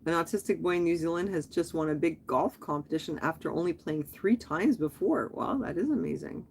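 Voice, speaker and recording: A woman's voice: fairly low pitch, expressive, a little fast, vocal fry, a little mellow, a little hiss or hum. Rambling, chatty woman live-streaming. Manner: rambling and chatty, jumping between topics. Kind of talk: casual live-stream chat.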